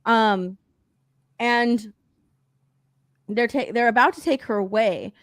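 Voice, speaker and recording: A woman co-hosting a casual podcast, recapping a movie in an animated, profane way and acting out the characters' lines. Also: on the high side, slow, no room sound. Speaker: podcast co-host.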